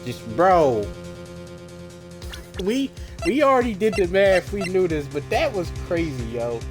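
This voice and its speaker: A man giving casual, slangy let's-play commentary while he reads a video game out loud, over game music. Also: high voice, unhurried. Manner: slangy, excitable. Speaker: gaming streamer.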